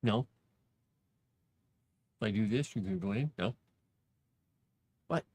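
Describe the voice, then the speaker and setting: A man's voice: fairly low pitch, slow, a little mellow, husky. A man casually chatting while building a fantasy map, muttering to himself and cooing at his cat. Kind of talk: casual livestream chat while working.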